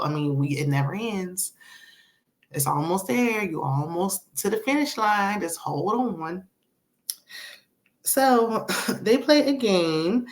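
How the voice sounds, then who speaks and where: A woman hosting a casual reality TV recap, sassy and chatty, tossing in "child" and "honey" and laughing between remarks. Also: on the low side.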